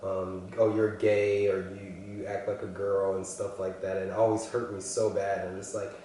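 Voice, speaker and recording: A young man telling his personal story earnestly, halting often and restarting his sentences. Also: low voice, level tone, warm tone, distant mic, a little hiss or hum. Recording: echoey room, voice from afar.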